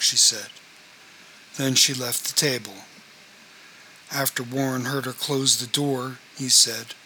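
A man reading a novel aloud in a measured, even narrating voice. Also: medium pitch, a little hiss or hum, rough recording. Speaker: audiobook narrator.

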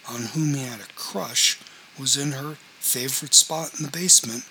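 A man narrating a novel as scripted audiobook reading, in a measured, even storytelling manner. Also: medium pitch, a little hiss or hum, poor audio.

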